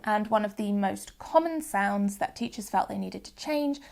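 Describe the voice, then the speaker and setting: A young woman from the UK hosting a phonics lesson, explaining patiently and sounding out examples slowly and clearly. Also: mid-range voice, lively intonation, darkish tone. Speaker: phonics teacher and channel host. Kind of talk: educational video lesson.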